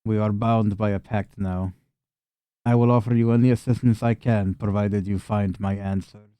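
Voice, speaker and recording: A weary old burgomaster speaks in a solemn, heavy way, as a man puts him on. His voice sits low and mellow. The sound is dry and close. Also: fairly even intonation, moderate pace, clear, resonant tone, no echo, natural voice. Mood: grave. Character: weary old male burgomaster, grieving leader.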